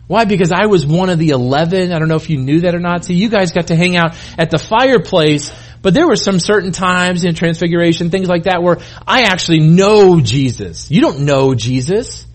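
A middle-aged man with a high-pitched voice delivers a sermon as a pastor. He talks casually, restarting his sentences often, and slips into the voices of the people he quotes. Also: a little fast. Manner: conversational, self-interrupting, acts out quoted voices.

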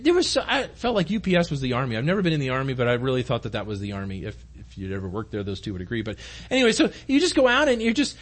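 A man preaching a conversational sermon to his congregation in a church room, earnest and direct. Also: high voice. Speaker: pastor.

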